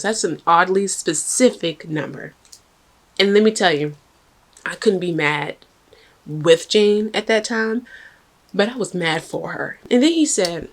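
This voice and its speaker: A woman's voice: on the low side, a little slow. Chatty woman telling a story. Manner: chatty, animated, addresses viewers directly. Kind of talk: casual storytime vlog.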